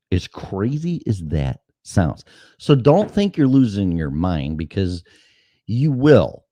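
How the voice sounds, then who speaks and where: A man's voice: low voice, warm tone, dry recording. A middle-aged man hosting a show, telling a rambling, profane story in a casual monologue. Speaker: show host.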